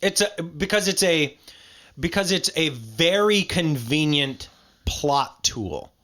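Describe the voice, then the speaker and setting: A man co-hosting a podcast in casual chat. He jokes and teases, often halting and repeating words. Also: on the high side, animated, pushed and bright. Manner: joking, teasing. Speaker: podcast co-host.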